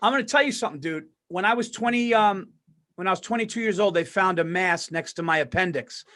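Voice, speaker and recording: A man co-hosting a podcast and telling a story in casual talk, animated and profane, swearing oaths and acting out the people in it. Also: high voice, fast talker. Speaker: podcast co-host.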